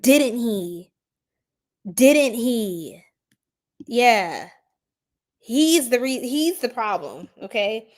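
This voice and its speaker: A woman's voice: fairly high pitch, sing-song, takes it slowly, long pauses, a little mellow. A woman hosting an astrology livestream in casual, slangy chat, laughing often and reacting to viewers' comments.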